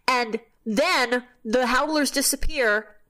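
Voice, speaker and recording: A woman hosting a podcast, casually recapping a book with animated storytelling, quick asides and some swearing. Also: sits high. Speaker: podcast host.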